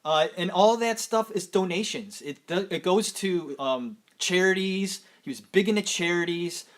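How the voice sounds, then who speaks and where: A man's voice: high-pitched, moderate pace, a bit bright. A man casually chatting as a podcast host, enthusiastic and rambling, with the odd swear. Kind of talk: casual chat.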